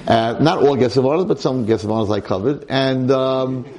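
A man's voice: mid-range voice, normal speed, poor audio. A male rabbi telling a story in a sermon to a room of boys, acting out every voice. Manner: animated, acts out every voice.

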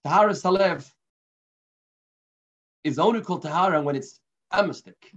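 Earnest rabbi teaching, muffled lo-fi sound. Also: male voice, high voice. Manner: earnest, unhurried storytelling teacher. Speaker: rabbi teaching a daily class. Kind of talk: daily religious lesson with stories. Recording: muffled lo-fi recording.

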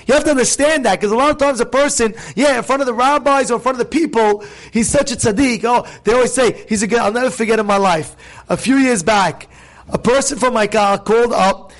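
An animated man preaching as a rabbi, his voice sitting unusually high for a man. He tells stories in a lively, conversational way, acting out the voices of the people in them and putting questions to the listeners. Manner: animated storyteller, acts out voices, asks audience questions. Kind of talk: informal sermon with stories. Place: synagogue event hall.

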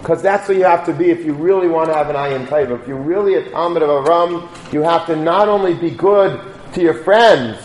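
A man tells a story in a relaxed, conversational sermon, slipping into the voices of the people in it. His voice sits a little high. The room is echoey, with faint ambience behind him. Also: a little fast, a little hiss or hum. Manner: conversational, telling a story with acted quotes.

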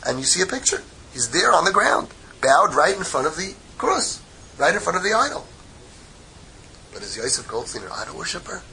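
A man teaching a Torah lesson in an animated, joking way, mixing Hebrew quotes with English explanation. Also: on the high side, normal speed, creaky, a little hiss or hum, poor audio. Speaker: rabbi teaching a class.

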